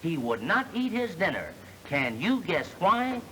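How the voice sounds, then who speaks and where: A slick young salesman with a bright, lively voice that bounces all over. He talks glibly and cracks wise in old film-comedy style. His storytelling turns mock-solemn, and his voice sits a little high for a man. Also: unhurried, slight background noise, full character voice, poor audio. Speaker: fast-talking salesman. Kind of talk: 1930s film comedy acting.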